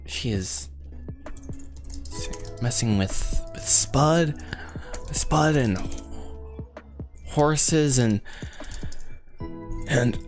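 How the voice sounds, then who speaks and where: A man's voice: medium pitch, drawn-out words, pauses often, soft background music. Rambling young man livestreaming. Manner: rambling, self-deprecating, laughs often. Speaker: livestreaming writer. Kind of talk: casual livestream chat while writing.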